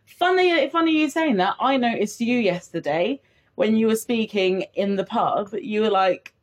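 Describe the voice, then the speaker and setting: A woman's voice: mid-range voice, animated, moderate pace. A woman co-hosting a casual podcast chat, talking freely and mimicking how others speak. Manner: chatty, laughing, mimics others. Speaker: podcast co-host.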